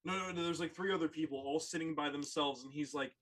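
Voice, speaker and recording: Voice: mid-range voice, fast talker, few pauses, fairly bright tone, poor audio. A speaker in casual podcast chat, telling a story animatedly and using lots of "like" fillers.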